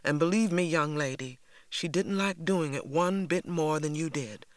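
A woman's voice: low voice, moderate pace, dry recording, close to an everyday voice. A woman doing a stern, weary mother. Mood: firm. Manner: quiet, hard and controlled. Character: firm, weary Southern mother. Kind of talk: audiobook character voice.

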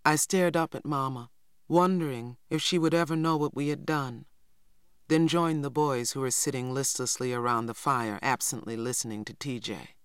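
An audiobook narrator reading a first-person novel in a measured, even storytelling manner. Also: mid-range voice, smooth, no echo, clean studio sound.

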